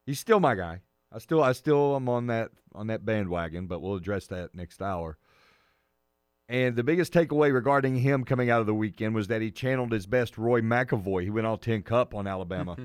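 A man's voice: on the low side, fairly quick, clean tone, dry recording, studio quality. A man hosting a sports talk radio show, emphatic and opinionated, hammering his points by repeating them. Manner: opinionated, argues his takes.

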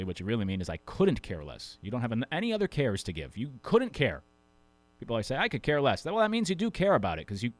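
A man's voice: mid-range voice, a bit bright, no room sound. A man from Connecticut hosting a sports radio show, chatting casually in a rambling, self-deprecating way.

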